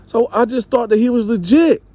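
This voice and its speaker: Man putting on a high falsetto wife, stammering, apologetic, upset. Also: expressive, unhurried, no echo, muffled recording. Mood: pleading, apologetic. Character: distraught young wife who lost the savings.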